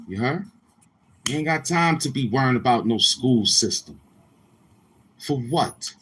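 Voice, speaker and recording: A man's voice: medium pitch, lively intonation, unhurried, a bit bright, a little hiss or hum. A man hosting a livestream, chatting casually with viewers in a boastful, crude, repetitive manner. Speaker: livestream host.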